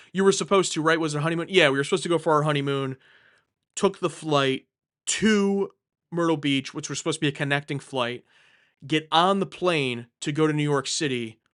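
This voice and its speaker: A man's voice: on the high side, moderate pace, a bit bright. Chatty man hosting a live Q&A. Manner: rambling, self-correcting, jokey. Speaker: livestream host answering viewer questions. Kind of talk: casual live Q&A chat.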